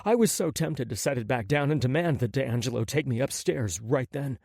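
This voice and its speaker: A man reading a first-person novel as an audiobook narrator, with an expressive, intimate delivery. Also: mid-range voice, brisk, gravelly, no echo, clean studio sound.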